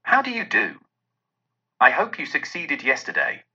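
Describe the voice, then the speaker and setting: A man's voice: mid-range voice, huge pitch swings, measured pace, sharp tone, breathy edge, highs cut off, full character voice. A man reading an audiobook and voicing an elderly male miser who speaks with eager, breathless cheer. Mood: joyful. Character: elderly male miser, giddy with new joy.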